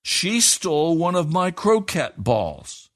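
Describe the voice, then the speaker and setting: A man putting on a whiny, indignant young schoolboy in a read-aloud story, pitched a little above the reader's own voice and dragging his words out slowly. He sounds stubborn and accusing. The sound is close and dry. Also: very animated, no room sound. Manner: insistent, whining.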